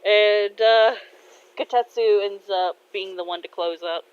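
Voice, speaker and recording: A woman's voice: medium pitch, a little slow, clean tone. A woman casually telling her own fan story aloud, hesitant, with many fillers and "he's like" asides. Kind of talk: casual spoken fan fiction. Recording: dull lo-fi recording.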